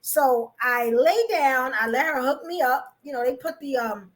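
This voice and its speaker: A young adult woman hosting a podcast, telling a personal story in a lively way, with lots of laughter and fillers. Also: high voice, unhurried. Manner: animated, laughs often, many fillers. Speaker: podcast host.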